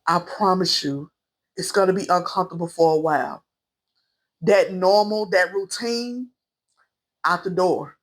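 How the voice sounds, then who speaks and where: A young woman vlogger giving an emotional, earnest spiritual message straight to her viewers, calling them y'all. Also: on the low side. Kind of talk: heartfelt spiritual vlog monologue.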